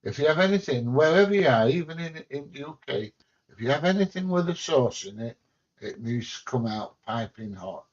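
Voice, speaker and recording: Reading out viewer comments from home, this English livestream host speaks at a normal speed with a medium pitch and lively intonation. He's blunt and casual, cracks jokes and swears a little, all through dull lo-fi audio.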